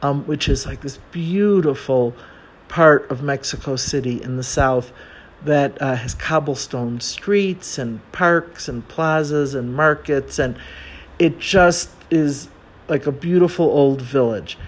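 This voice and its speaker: Chatty American man, fairly high voice. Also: slow. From United States. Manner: chatty, self-mocking, many fillers. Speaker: travel storyteller. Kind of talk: casual storytelling monologue.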